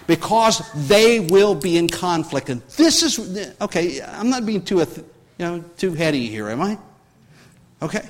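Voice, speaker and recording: A man preaches a sermon in a high, very animated voice, full of swoops. He tells his story with restarts and asides, then climbs in force as he drives his point home. The sound rings with a long reverb, like a church sanctuary. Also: measured pace. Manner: rambling storytelling with many restarts, rising in force when preaching. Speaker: pastor.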